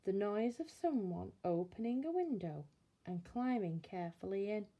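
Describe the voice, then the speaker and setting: A woman reading a bedtime story aloud in a slow, expressive storytelling manner. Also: mid-range voice, muffled recording.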